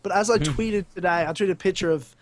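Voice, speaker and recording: A young Australian man telling a lively story on a casual podcast, laughing often. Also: sits high, a little fast. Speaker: podcast co-host.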